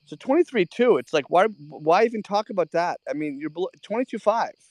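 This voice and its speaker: A man hosting a live trading Q&A, talking bluntly and quickly and tossing in bits of French. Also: high-pitched, lively intonation, a little mellow, no room sound. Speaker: host of a trading Q&A. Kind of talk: casual live audio chat.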